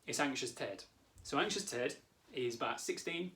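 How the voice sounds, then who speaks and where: A man in his thirties, a therapist and coach, calmly explaining a coaching lesson straight to the viewer. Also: fairly high pitch, normal speed. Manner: calm, warm explaining, talks directly to the viewer.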